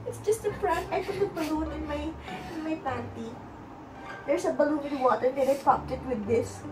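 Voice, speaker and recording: A woman, a mother, talking with her child in a casual family vlog, first playful, then gentle and apologetic. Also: high-pitched, a little fast, noisy background. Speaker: vlogger mother.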